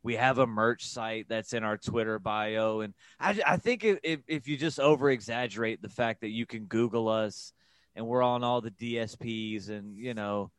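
A man's voice: fairly low pitch, moderate pace, no echo, clean studio sound. A young man guesting on a podcast, joking and self-mocking in casual chat.

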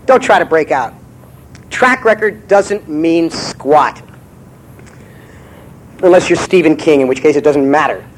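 A man's voice: on the high side, expressive, a little slow, pauses often, low-quality recording. A man giving a comic lecture as a writer, brash and profane, rambling with stammered restarts.

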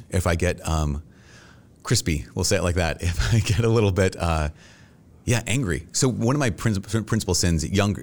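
Deep-voiced earnest middle-aged priest. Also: male voice. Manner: earnest and reflective, with animated self-quotes. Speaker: Catholic priest guest. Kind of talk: conversational interview answers.

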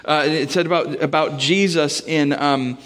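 A man's voice: on the high side, fairly even intonation, measured pace, a bit bright. A man, a pastor, preaching a sermon in a casual, conversational way, mixing scripture with personal stories.

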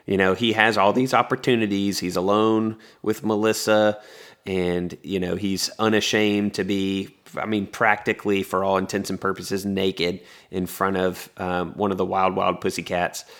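Very deep-voiced man recapping anime. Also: little pitch movement, normal speed, a bit bright. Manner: rambling, wry, frequent restarts. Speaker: podcast co-host. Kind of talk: casual anime recap chat.

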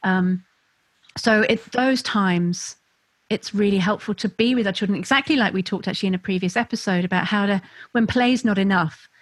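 Mum on a parenting podcast, chatty, laughs a lot, does little voices for kids, dry sound. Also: female voice, mid-range voice, moderate pace, dry recording. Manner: warm, laughing, acts out children's and parents' voices. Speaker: podcast co-host. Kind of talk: casual parenting chat.

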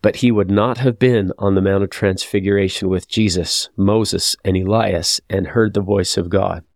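Man, scripture teacher, low voice, dry close sound, reflective. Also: steady tone, moderate pace, vocal fry, no room sound. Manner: reflective, confessional, reads verses aloud. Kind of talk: scripture lesson podcast.

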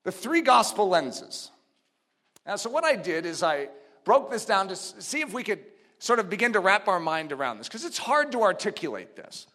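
A male preacher with a high, ringing voice that swoops up and down as he delivers his sermon. He works through his points with rhetorical questions, then drives them home with forceful, near-shouted exhortations. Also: big pitch swings, normal speed. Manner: teaching step by step, posing rhetorical questions.

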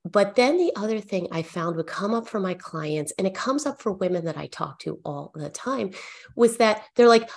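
A woman's voice: medium pitch, moderate pace. A middle-aged woman, an accountant, sharing earnest stories in a podcast interview and acting out what she and her clients said. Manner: earnest, animated storytelling with quoted dialogue. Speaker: accountant and guest.

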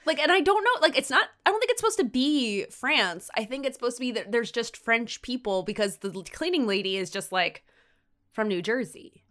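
A woman's voice: fairly high pitch, animated, brisk, fairly bright tone. A woman co-hosting a podcast, recapping a TV episode in casual chat, rambling with lots of "like" fillers and frequent laughs. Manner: chatty, rambling with many "like" fillers, laughs often. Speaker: podcast co-host.

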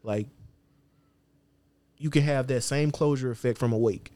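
A man's voice: mid-range voice, a little slow, mellow, dry recording. Opinionated man on a podcast, dry sound. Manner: opinionated, slangy, laid-back. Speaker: podcast co-host. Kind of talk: casual podcast banter.

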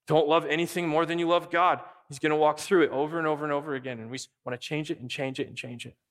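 A man preaching a sermon as pastor, animated and acting out quick imagined dialogue. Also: on the high side, in a large hall.

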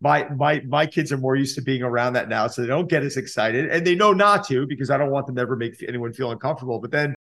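A man being interviewed as a fitness trainer on a remote call, telling stories in a lively way and jumping up in pitch when he mimics other people. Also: quick pace, vocal fry, hardly any pauses. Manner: animated storyteller, jumps high when mimicking others. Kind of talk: casual interview chat. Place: New York.

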